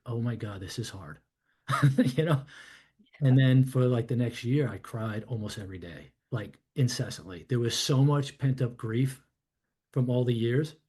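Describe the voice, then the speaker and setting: This is a man in his fifties from New York, opening up as a podcast guest. He speaks at a middling pitch and wanders through his thoughts, leaning on "you know" and "I'm like" as he remembers. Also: dark tone, slightly rough. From New York, USA. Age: 50s. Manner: rambling and reflective, full of "you know" and "I'm like". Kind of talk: candid personal storytelling in conversation.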